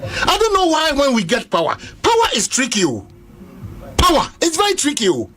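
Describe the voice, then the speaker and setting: A man's voice: very high voice, huge pitch swings, normal speed, fairly bright tone. A Ghanaian man and political commentator arguing heatedly in a panel debate, insistent and talking over the others.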